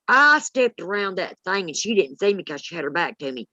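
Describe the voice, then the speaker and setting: A woman's voice: lowish voice, fairly quick, few pauses, no room sound, highs cut off. A woman, telling a story in blunt, salty casual chat. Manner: blunt, salty, animated retelling.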